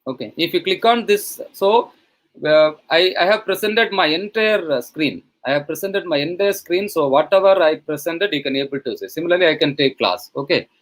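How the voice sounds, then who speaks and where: A man's voice: on the high side, animated, moderate pace, low-quality recording. A man with an Indian English accent, a professor walking through an online teaching tool on a live video call, with many fillers and restarts. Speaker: webinar resource person, professor. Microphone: computer mic on a video call.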